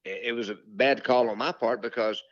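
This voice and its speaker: A man's voice: mid-range voice, steady tone, a little fast, no room sound. An older man telling stories as an interview guest, rambling with fillers and restarts and quoting his own thoughts. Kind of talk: casual storytelling interview. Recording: dull lo-fi dry sound.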